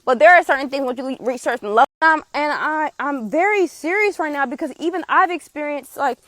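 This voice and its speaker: A woman, a tarot reader giving a passionate, forceful live spiritual reading with blunt swearing. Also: high-pitched, a little fast, few pauses, dry recording. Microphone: streaming setup.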